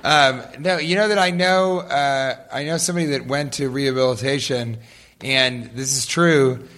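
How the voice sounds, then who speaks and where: A man's voice: medium pitch, steady tone, normal speed, fairly bright tone. A man co-hosting a comedy podcast before a live audience, riffing with dry jokes. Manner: dry joking, riffs with mock voices. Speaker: podcast co-host. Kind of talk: casual comedic chat.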